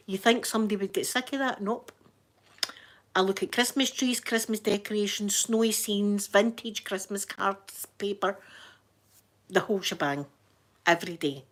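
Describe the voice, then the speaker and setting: A woman with a broad Scottish accent chatting casually on a livestream, reading out viewer names and laughing often. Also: on the high side. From Scotland. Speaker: livestreaming YouTuber. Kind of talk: casual live chat.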